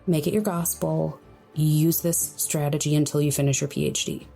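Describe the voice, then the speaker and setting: A young woman hosting a solo podcast, speaking in a quiet, breathy, hushed voice as she gives advice. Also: low voice, fairly even intonation, moderate pace, faint music behind. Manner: hushed, soft-spoken, friendly. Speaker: podcast host.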